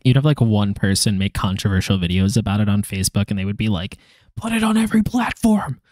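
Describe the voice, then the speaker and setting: His voice is fairly low and darkish, captured in studio quality with no room sound. While streaming his language studies, he chats casually, cracks jokes, rambles, laughs often and drifts off with fillers.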